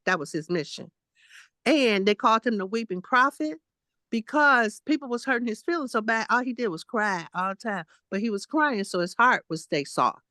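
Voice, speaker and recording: A woman's voice: fairly high pitch, expressive, moderate pace, pushed and bright, no room sound. A woman in her late sixties giving a casual spiritual testimony, blunt and emphatic, repeating herself and fussing at her listeners. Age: 60s. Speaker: guest spiritual teacher.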